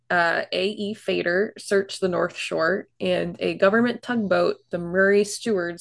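A woman with a low, gravelly voice tells a story on a casual podcast. She reads out facts in a chatty way, dropping fillers and little asides as she goes. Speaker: podcast co-host telling a shipwreck story.

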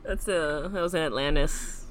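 A woman's voice: low voice, lively intonation, moderate pace, a bit bright, slight background noise. A woman co-hosting a podcast in casual chat, dry and blunt, swearing freely. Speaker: podcast co-host.

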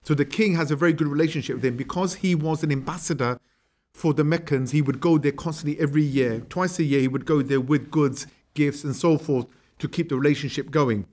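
This man's voice sits a little high, and he talks fairly quickly while delivering a lecture on religious history as a story. His manner is lively and conversational, and he acts out the quotes.

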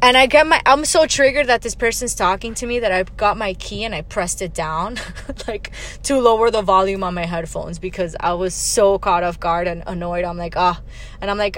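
A young woman hosts her own podcast, ranting casually through a story in a blunt, profane, exasperated way. She rushes ahead, then drops into low muttered asides, and her tone is a bit bright.

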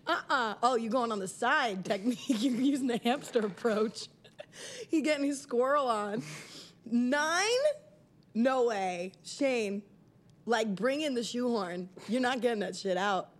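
A young woman co-hosting a casual podcast chat, loud and teasing, laughing and swearing. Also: a little high, animated, unhurried. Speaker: podcast co-host.

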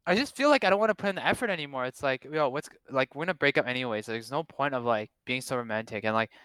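A man's voice: mid-range voice, lively intonation, fast, a bit bright, clear, resonant tone, no echo. A young man chatting casually about his past relationships, joking and rambling with many fillers and restarts. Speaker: guest.

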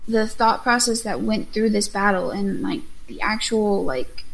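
A woman's voice: mid-range voice, lively intonation, measured pace, gravelly, rough recording. A young woman chatting casually, rambling with many "like"s and "um"s. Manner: rambling, full of likes and ums. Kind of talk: casual chat.

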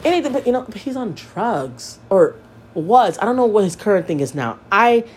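A woman's voice: medium pitch, very animated, moderate pace, a little mellow, husky. A young woman hosting a podcast, talking candidly and emotionally, swearing often and repeating herself as she vents. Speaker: podcast host. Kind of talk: candid personal podcast monologue.

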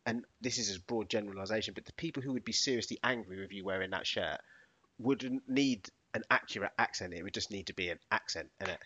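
A man co-hosting a podcast, animated and quick to laugh, with rambling asides. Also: on the low side, husky. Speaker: podcast co-host. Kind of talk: casual banter. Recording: dull lo-fi recording.

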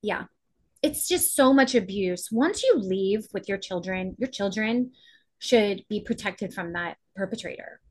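A woman's voice: mid-range voice, lively intonation, a little slow, husky. A woman advocate speaking as a guest on a podcast, talking with passion and emphasis, often acting out what others said. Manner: impassioned, emphatic, acts out quotes. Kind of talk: podcast interview.

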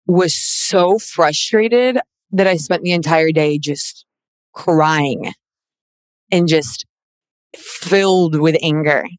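A woman's voice: lowish voice, clean tone, no echo. A woman speaking candidly in a casual chat, rambling with frequent restarts and close to tears. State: near tears.

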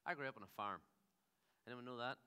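Man preaching, bright and ringing. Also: mid-range voice, fast, smooth. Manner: humorous, rambling storyteller. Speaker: pastor. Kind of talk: sermon. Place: theatre. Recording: theatre hall reverb.

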